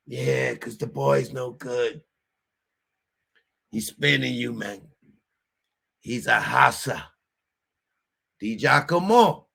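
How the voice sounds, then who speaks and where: A scheming Italian-American mafia man, as a man puts him on, leaning in with conspiratorial, wheedling talk. The voice sits high and carries a gravelly rasp. He talks slowly and deliberately. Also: pushed and bright, heavily acted.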